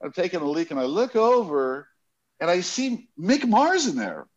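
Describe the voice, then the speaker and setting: A man with a fairly high, lively voice spins a rambling anecdote, doubling back and restarting as he goes. The recording is dull and lo-fi. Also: normal speed. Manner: animated storyteller, rambling with restarts. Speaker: guest telling a story. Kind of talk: casual anecdote.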